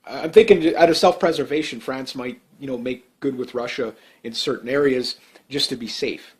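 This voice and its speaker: A man's voice: medium pitch, moderate pace. A man giving casual monologue commentary, rambling and heated, with many fillers and restarts. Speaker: political commentator.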